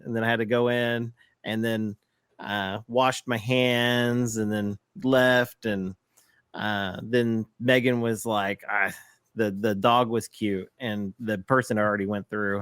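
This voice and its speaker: A man's voice: mid-range voice, a bit bright, clear, resonant tone, no room sound. Male podcast co-host, rambling anecdotal delivery, easy laughs, dry close sound. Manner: rambling storyteller, many fillers and quick laughs. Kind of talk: casual chat.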